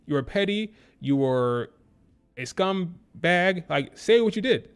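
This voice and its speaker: A man giving a casual live-stream review, animated and opinionated, who repeats his points for emphasis. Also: high-pitched, slow pace, clean tone. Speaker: wrestling show reviewer.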